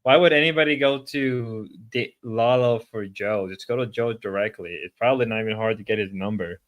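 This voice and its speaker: A man streaming while sick, chatting casually and rambling, with sudden loud outbursts. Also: on the low side, fairly quick, lo-fi sound.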